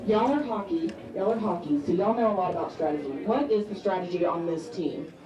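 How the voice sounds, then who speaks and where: A woman's voice: on the low side, fairly quick, a crowd in the background, poor audio. A woman emceeing a live eating contest on a handheld mic, bubbly and joking as she chats with contestants. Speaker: event emcee. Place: busy restaurant event.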